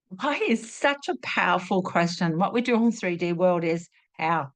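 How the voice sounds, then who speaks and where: A woman giving a spiritual teaching talk, asking rhetorical questions and acting out inner voices in an expressive way. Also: mid-range voice, normal speed. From Australia.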